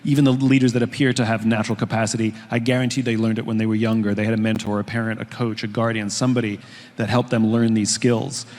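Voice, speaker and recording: A man's voice: lowish voice, little pitch movement, fast talker, a little mellow. A man giving a talk on leadership, explaining his points through everyday analogies. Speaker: leadership speaker. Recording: long hall reverb.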